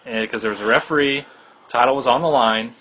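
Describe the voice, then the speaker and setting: A man co-hosting a podcast, chatting casually in a blunt, profane way. Now and then he bursts into loud, excited exclamations. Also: medium pitch, brisk. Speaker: podcast co-host. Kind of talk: casual chat.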